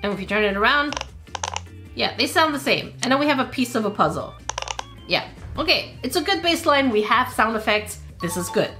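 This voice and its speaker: Woman, gaming host, casual let's-play commentary, lively up-and-down voice, quick exclamations and laughs. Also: fairly high pitch, faint music behind. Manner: animated, reacting aloud with laughs and quick exclamations.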